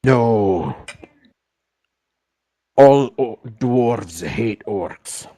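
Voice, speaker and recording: A man's voice: lowish voice, lively intonation, very slow, warm tone, no echo, clean studio sound. A man playing a tabletop game, blunt and matter-of-fact. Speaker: player.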